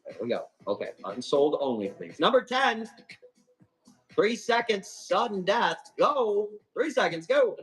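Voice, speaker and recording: A man hosting a live plant auction stream, chatting casually and calling quick countdowns, with a casual swear here and there. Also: high voice, sing-song, breathy edge, soft background music, poor audio. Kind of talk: livestream sales chat.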